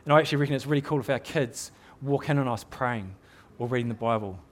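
A middle-aged man with a New Zealand accent and a mid-range voice talks fast as he preaches a sermon. He's earnest and exhorting, often repeating words while building his point.

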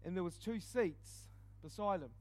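A man preaching, telling a personal testimony in an animated storytelling way with quick dips into quiet asides. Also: high-pitched. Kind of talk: testimony sermon.

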